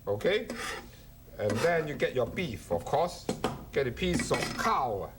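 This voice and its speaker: High, lively man hosting a cooking show. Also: a little slow. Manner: playful, jokey, chatty. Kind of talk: cooking demonstration. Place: studio kitchen. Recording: kitchen clatter and chopping noise.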